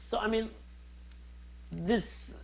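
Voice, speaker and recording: A man co-hosting a podcast in casual chat, rambling and animated as he searches for words. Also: high-pitched, very slow, gravelly, a crowd in the background, poor audio. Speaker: podcast co-host.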